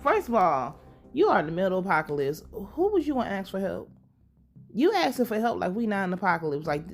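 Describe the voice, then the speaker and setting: A young woman giving a casual, profane, laughing recap of a TV episode. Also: fairly high pitch. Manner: animated, profane, laughing running commentary. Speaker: TV recap host.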